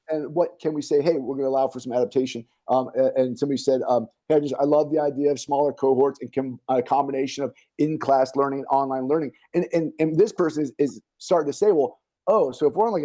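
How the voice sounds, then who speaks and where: A man's voice: medium pitch, warm tone. A man hosting a casual online parent forum as a school administrator, riffing animatedly with many fillers and restarts over a video call. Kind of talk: casual online community talk.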